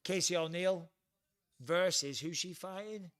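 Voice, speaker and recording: A middle-aged Englishman hosts a casual livestream chat from home, chatty, blunt and quick to swear. His voice sits a little high for a man and is a bit bright. The recording is dry and close, with no echo or room sound.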